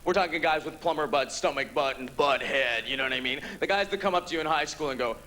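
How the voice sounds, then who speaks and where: A man performing a stand-up comedy set on a theatre stage, campy, with quick punchlines. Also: fairly high pitch, bright, forceful tone, slight background noise. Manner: campy, rapid punchlines with quoted voices.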